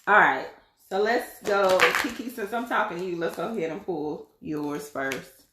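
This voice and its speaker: Low-voiced woman reading cards, echoey. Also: moderate pace, background noise. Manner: chatty, addresses viewers as y'all and beloved; laughs often. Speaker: tarot card reader. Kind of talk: casual live reading.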